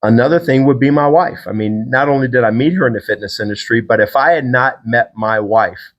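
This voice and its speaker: A middle-aged man hosting a podcast, telling a personal faith story in a casual, animated way and acting out the people he quotes. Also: a little fast, dull audio. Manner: animated storyteller, acts out quotes with big pitch jumps. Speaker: podcast host.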